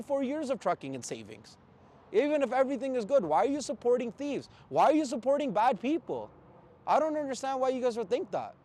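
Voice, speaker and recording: A man's voice: very high voice, darkish tone. A man from Canada, a truck driver, ranting in blunt, profane casual talk with angry outbursts. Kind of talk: heated casual rant.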